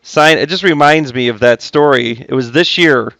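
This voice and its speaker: A man's voice: mid-range voice, moderate pace, gravelly, fairly bright tone, dry recording. A man teaching a math class, chatty and joking with his students between steps. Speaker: high school math teacher. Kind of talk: recorded classroom lesson.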